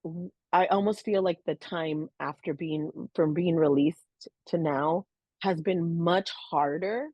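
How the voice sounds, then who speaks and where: A woman's voice: on the low side, slightly rough, dry recording, muffled recording. A woman co-hosting a podcast, earnestly telling her own story in a heartfelt, casual way, with many "you know"s and "um"s. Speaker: podcast co-host. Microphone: podcast microphone.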